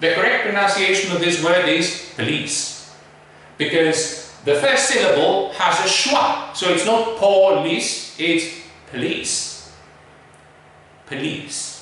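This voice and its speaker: A man teaching an English pronunciation lesson, modeling words slowly and emphatically. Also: high voice, bright, forceful tone, far from the mic. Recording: echoey room, voice off-mic.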